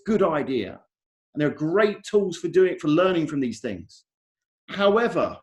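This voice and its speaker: Emphatic English man giving a lively talk. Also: fairly high pitch. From England. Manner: emphatic, repeats key points. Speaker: conference speaker. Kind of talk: technical conference talk. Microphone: video call.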